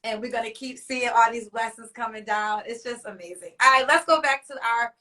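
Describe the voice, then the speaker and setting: A woman hosting a live online talk show with a high, bright voice. She talks in an effusive, emotional way. Her mic sits a little distant. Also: brisk. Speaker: host.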